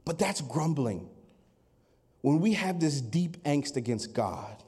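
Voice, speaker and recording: A man preaching a Sunday sermon, acting out complaining voices and rising to loud, emphatic peaks. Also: on the high side, expressive, slow, breathy edge. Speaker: pastor.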